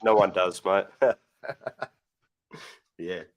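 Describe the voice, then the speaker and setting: A man's voice: low-pitched, fairly even intonation, extremely slow, a crowd in the background. An Australian man hosting a casual mail-opening livestream, easygoing and full of local slang. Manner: easygoing, uses Aussie slang like mate and reckon. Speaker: host of an RC mail-opening show.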